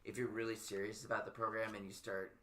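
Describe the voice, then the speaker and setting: A man hosting a podcast in casual chat, rambling and stammering, quick to poke fun at himself. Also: lowish voice, flat delivery, sharp tone. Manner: rambling, stammering, self-deprecating. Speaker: podcast host.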